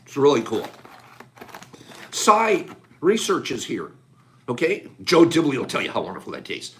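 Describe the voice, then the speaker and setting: Animated man rattling off lists. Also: on the high side, a little hiss or hum. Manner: rapid list-calling, animated and playful. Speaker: livestream host. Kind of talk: casual live chat with viewers.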